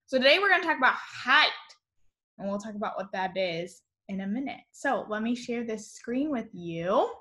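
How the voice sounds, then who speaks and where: A woman teacher giving a cheerful online lesson to young children, spelling words out slowly in a sing-song voice over a computer mic. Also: fairly high pitch, animated, pushed and bright. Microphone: computer mic on a video call.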